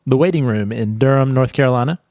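A man's voice: mid-range voice, quick pace, darkish tone, dry recording, studio quality. Stuffy-nosed man co-hosting a podcast. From United States. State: stuffy nose. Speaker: podcast co-host. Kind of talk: casual chat.

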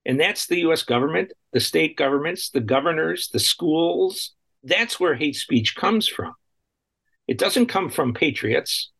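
Husky indignant talk radio host. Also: male voice, fairly high pitch, animated, measured pace, a bit bright. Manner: indignant, repeats and restarts while speaking. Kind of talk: radio talk show commentary.

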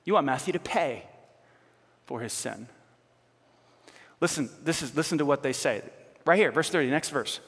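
Male pastor, sermon, animated, conversational, teasing, somewhat high voice, reverberant church hall. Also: normal speed, pauses often, husky.

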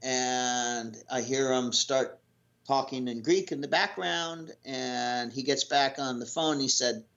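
A man's voice: medium pitch, steady tone, slow pace, creaky, a bit bright. A man from the United States telling a travel anecdote in a casual, rambling way, full of fillers and restarts. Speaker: guest telling a sailing story. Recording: lo-fi dull audio.

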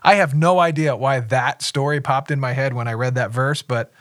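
A man with a mid-range voice talks through scripture on a podcast as a pastor. He gets animated and acts out the people he quotes. The recording is dry and close. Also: mid-range voice, moderate pace, no echo. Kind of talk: podcast Bible discussion.

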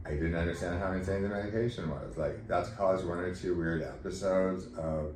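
Very deep-voiced man telling his story. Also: moderate pace. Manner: emotional, animated, acts out quoted dialogue. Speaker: podcast guest. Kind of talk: candid conversational storytelling. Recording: roomy echo, faint background noise.

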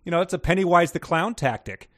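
A man's voice: fairly high pitch, expressive, quick pace, a bit bright. Rambling male podcast co-host. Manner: rambling, filler-heavy explaining. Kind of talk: casual chat.

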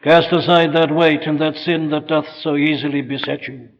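A fervent male preacher with a fairly high voice, rising to loud appeals and dropping to near whispers on old-fashioned scripture. His sermon rings through a large hall with long reverb. The recording is dull and lo-fi, like an old tape. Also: steady tone, normal speed. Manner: dramatic swings from loud exhortation to hushed quotes.

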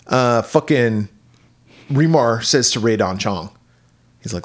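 A man with a mid-range voice speaks slowly as he co-hosts a podcast, casually recapping a horror film. He's profane and animated, swearing a lot and acting out the characters' lines.

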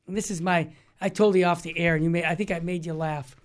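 A man's voice: a little high, steady tone, quick pace. A man in his sixties hosting a religious talk show, telling stories in an emphatic, rambling way. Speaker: Catholic radio host. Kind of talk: casual talk show discussion.

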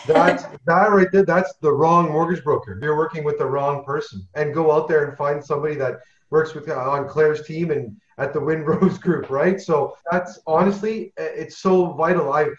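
Male podcast co-host, eager and full of praise, slightly high voice, echoey, muffled recording. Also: moderate pace. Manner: enthusiastic, praising, laughs often. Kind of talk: casual podcast interview. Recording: roomy echo, dull lo-fi sound.

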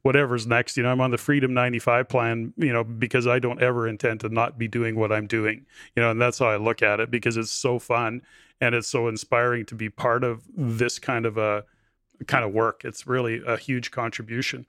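A man in his sixties hosts a podcast conversation. He rambles warmly through stories, leaning on "you know" and "like", with an ordinary mid-range pitch. The sound is dry and close. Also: fairly quick, no echo. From Canada. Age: 60s. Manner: animated storyteller, many fillers like "you know". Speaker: podcast host. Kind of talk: casual interview chat.

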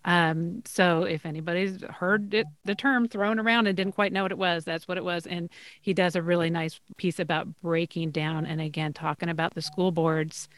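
A woman's voice: on the low side, steady tone, moderate pace, no room sound. A woman hosting a podcast discussion, speaking in an earnest, urgent way. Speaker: podcast host. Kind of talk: casual discussion.

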